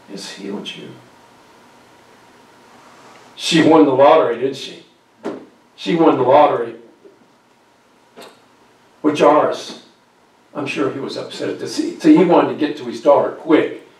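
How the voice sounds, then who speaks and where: A man's voice: a little high, normal speed, pauses often, a little mellow. Guy preaching a bible story, drops almost to a whisper, very echoey church, far from the mic. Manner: acts out quoted voices, drops to near whispers. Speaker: guest speaker. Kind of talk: storytelling sermon. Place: church sanctuary.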